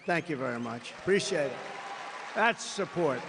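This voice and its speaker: Man, rally speech, rambling and boastful, high voice, long hall reverb. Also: expressive, moderate pace, noisy background. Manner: rambling, boastful, with off-the-cuff asides to the crowd. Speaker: political candidate at a campaign rally. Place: large rally venue before a crowd.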